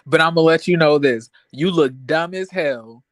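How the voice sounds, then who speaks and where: A man's voice: on the high side, moderate pace, no room sound. Blunt man ranting about reality TV. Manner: blunt, profane, acts out scenes. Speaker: co-host. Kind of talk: casual reality TV recap chat.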